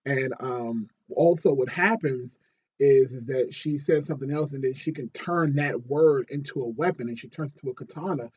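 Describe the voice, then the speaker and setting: A man's voice: medium pitch, normal speed, darkish tone, slightly rough, lo-fi sound. A man casually reviewing a TV episode, rambling with fillers and restarts and getting worked up when he retells scenes. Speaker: TV show reviewer.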